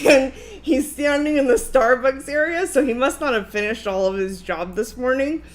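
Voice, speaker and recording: Thirties lady ranting on her stream, higher voice, swears a lot, laughs mid-story. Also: moderate pace. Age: 30s. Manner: animated and profane, laughing through her story. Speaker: livestream host. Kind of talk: casual storytelling on a livestream.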